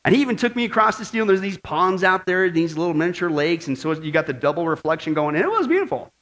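A man preaching a Bible study sermon, animated and asking his audience questions. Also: sits high, fast talker, poor audio.

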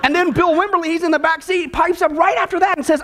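A pastor with a strikingly high voice for a man delivers a sermon in church. He eases in with a joke and keeps a chatty tone, asking his listeners questions as he goes. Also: steady tone, fast talker, bright, forceful tone. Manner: jokey, conversational, asks the congregation questions.

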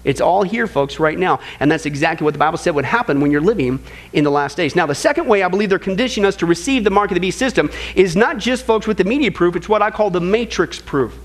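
A man with a notably high voice preaches a Bible study with strong emphasis. He calls his listeners folks, stacks repeated phrases and fires off rhetorical questions. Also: lively intonation, fast. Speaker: Bible prophecy teacher. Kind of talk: sermon-style Bible study.

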